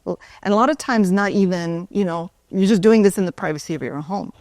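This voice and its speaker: Talking fast at a conference, a former yoga and Pilates instructor tells loose, conversational stories sprinkled with "right?" Her voice is medium in pitch and a little mellow, with no echo.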